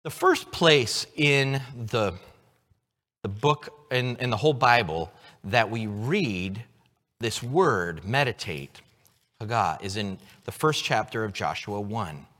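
Male pastor, sermon delivery, animated pitch, long hall reverb. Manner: earnest, teaching, slow emphatic scripture reading.

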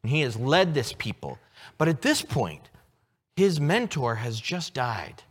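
A man preaching a sermon, teaching earnestly and reading scripture slowly with emphasis. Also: medium pitch, sing-song, breathy edge. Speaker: pastor. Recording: long hall reverb.

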